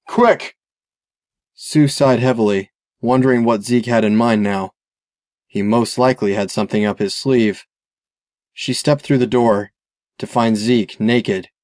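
A man reading a novel aloud as audiobook narrator, steady and measured. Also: lowish voice, no echo, studio quality. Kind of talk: scripted narration.

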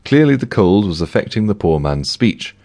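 A man's voice: on the low side, very animated, moderate pace, darkish tone. A man narrating a comic novel with a dry, wry delivery. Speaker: audiobook narrator.

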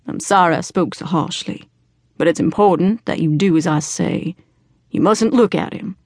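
A terse, hushed middle-aged caretaker father speaks low and quiet, voiced by a woman reading an audiobook. His words come short and firm, with a gravelly low edge. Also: takes it slowly, no room sound, studio quality, full character voice. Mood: regretful soft.

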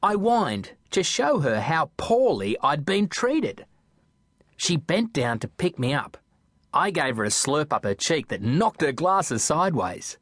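A man narrating a children's audiobook in a playful, expressive storytelling manner. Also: fairly high pitch, measured pace, no room sound, studio quality.

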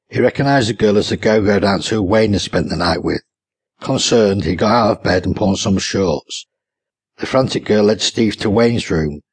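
Low husky male audiobook narrator. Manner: dry, comic storytelling with character voices. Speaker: author narrating his own audiobook.

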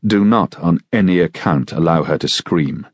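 A suave swordsman talks in a soft, mild voice laced with dry irony, as a man reads him in a storybook. The voice sits very deep with a husky edge, close and dry. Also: moderate pace, dry recording. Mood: mild, ironic. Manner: soft, mild, dryly ironic. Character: suave mocking male swordsman, cool and mild.

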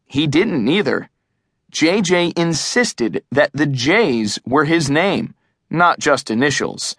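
Man, audiobook narrator, unhurried, animated pitch, dry close mic. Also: no room sound. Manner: measured, expressive storytelling. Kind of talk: scripted narration. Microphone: close studio mic.

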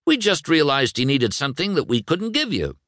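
A cheerful, folksy older male car from a storybook, jovial and teasing, pitched well above a plain speaking voice as a man puts him on. The recording is dry and close. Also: very animated, a little fast, a bit bright, no echo.

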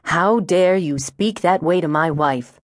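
A woman's voice: on the low side, unhurried, no echo, studio quality, lightly acted. A woman voicing an outraged, prim middle-aged husband in clipped, indignant outbursts.

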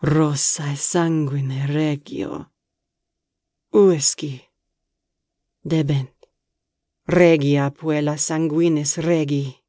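A woman voicing a sinister, faceless shadow spirit that speaks in a slow, low, menacing whisper. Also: fairly even intonation, dark tone, no echo, studio quality.

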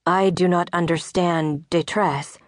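A quiet wounded American veteran, as a woman reads him, gentle and plain in his speech. His voice sits a little low and stays even. The sound is dry and close. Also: a little slow, no room sound, close to an everyday voice.

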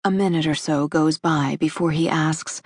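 Her voice is on the low side, with a husky, breathy grain, as this audiobook narrator gives a measured, intimate reading of a first-person romance. Intonation stays fairly even, and the studio recording is dry and close with no surrounding room.

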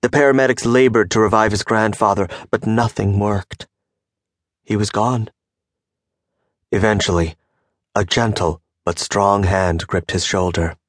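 A man giving a measured, scripted audiobook narration on a close studio mic. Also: fairly low pitch, fairly even intonation, dry recording. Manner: measured storytelling delivery.

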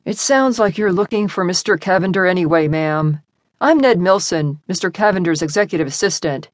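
A woman's voice: on the low side, expressive, brisk, dry recording, studio quality, natural voice. A woman doing a formal male assistant. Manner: formal, businesslike.

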